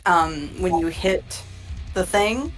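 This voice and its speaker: Woman, game master, low voice, relaxed narration, fillers, faint background music. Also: slow pace. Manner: relaxed, chatty, with fillers and restarts. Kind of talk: narrating a tabletop horror game.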